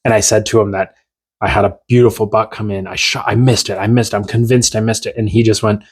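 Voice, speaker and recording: Low-voiced man telling a hunting story. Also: fast, slightly rough. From Newfoundland. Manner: animated, rambling retelling with many restarts. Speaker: podcast guest. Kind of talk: casual storytelling.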